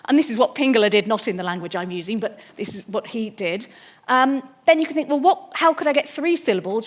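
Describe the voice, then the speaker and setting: Woman lecturer, slightly high voice, eager and explanatory, restarts sentences as she goes. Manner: enthusiastic, explanatory, with frequent restarts. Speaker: mathematics lecturer. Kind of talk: public lecture.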